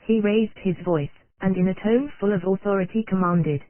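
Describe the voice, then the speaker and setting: A tinny, machine-read audiobook narrator reads an old nonfiction text at medium pitch and normal speed, with no room sound. The dry, phone-like reading stays steady and unvaried, spelling out abbreviations letter by letter.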